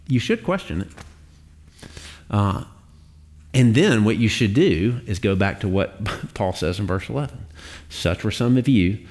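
A man preaching a sermon in a conversational way, with fillers and the odd laugh. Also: fairly low pitch. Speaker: pastor.

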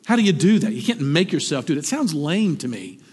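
Animated male preacher in a reverberant hall. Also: fairly high pitch, quick pace, breathy edge. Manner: animated, conversational preaching with rhetorical questions. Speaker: pastor. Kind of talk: sermon. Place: church sanctuary.

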